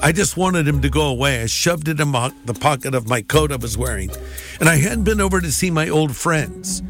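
Guy with a slightly high voice telling his testimony, animated, acts out the voices. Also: brisk, soft background music. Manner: animated, acting out dialogue. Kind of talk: personal testimony storytelling.

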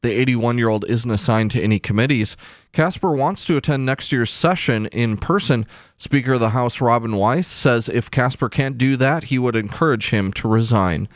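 Male radio news anchor, steady and clipped, dry studio sound. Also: medium pitch, normal speed, no room sound. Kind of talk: radio newscast. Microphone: studio mic.

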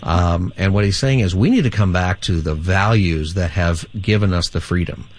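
A man's voice: deep voice, moderate pace. A man who hosts a radio call-in show as a pastor, explaining his views steadily to callers. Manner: steady, explanatory, reads out the phone number.

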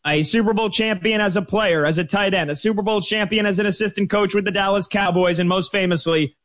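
A man hosting a sports betting radio show, opening it in an energetic, promotional way. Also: high-pitched, fairly quick.

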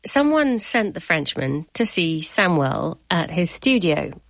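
A woman presenting a radio documentary, narrating from a script and asking questions in a measured way. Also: lowish voice, sing-song, no room sound.

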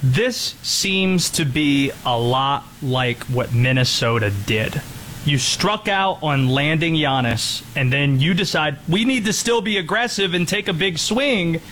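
A man co-hosting a sports radio talk show, teasing his partner in a measured way. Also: on the high side, expressive, fairly bright tone, a little hiss or hum, low-quality recording. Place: radio studio.

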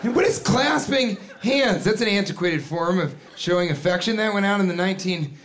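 A man performing a stand-up comedy set, telling stories in an animated way with put-on voices and sudden yells. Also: a little high. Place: comedy club stage with a laughing audience. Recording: live club recording with crowd noise. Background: audience laughter.

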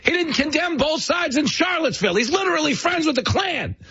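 A man voicing a shrill heckler who shouts accusations at passersby. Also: expressive, fairly quick, no echo, lo-fi sound, exaggerated voice.

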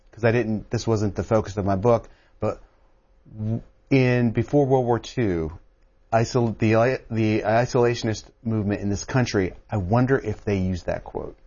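A male author guest on a call-in radio show, telling his history with lively energy. His voice sits a little low. He breaks off and restarts his sentences often, and the broadcast audio sounds dull and lo-fi. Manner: animated storytelling with many restarts.

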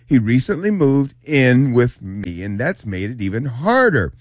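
A man co-hosting a radio show, chatty, reading a listener's letter aloud and adding quick asides. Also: medium pitch, sing-song, no room sound, studio quality. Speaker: radio co-host.

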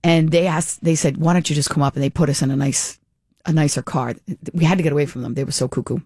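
A woman hosting a radio talk show, telling a long story in a chatty, animated way and often repeating words as she starts a sentence. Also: sits low, fast, husky, no echo, clean studio sound. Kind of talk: casual radio chat and storytelling. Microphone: studio microphone.

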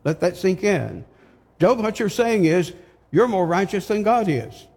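A man's voice: high-pitched, expressive, a little slow, darkish tone, breathy edge. An older man preaching an expository sermon, reading scripture aloud and pressing his points with emphatic rhetorical questions. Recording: long reverb of a large hall.

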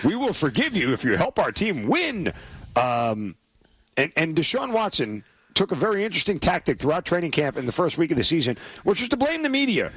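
A man's voice: a little high, huge pitch swings, a little fast, fairly bright tone, husky, no echo. A man hosting a casual sports talk show, sarcastic and exasperated, stammering when he gets worked up. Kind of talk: casual sports commentary chat.

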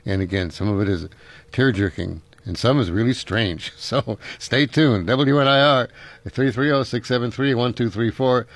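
A man's voice: medium pitch, normal speed, no room sound. A middle-aged man hosting a call-in radio show, telling stories in a rambling way with frequent chuckles. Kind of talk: casual call-in radio chat. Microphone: studio microphone.

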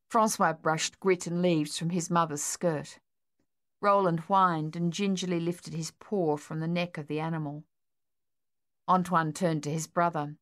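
Woman reading a storybook aloud, kinda low voice, steady and calm. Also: unhurried. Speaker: narrator. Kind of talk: audiobook narration.

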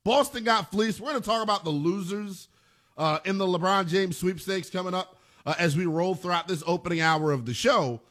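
A man's voice: sits high, normal speed, a bit bright. A man hosting a sports talk radio show, delivering an emphatic monologue and repeating phrases for punch.

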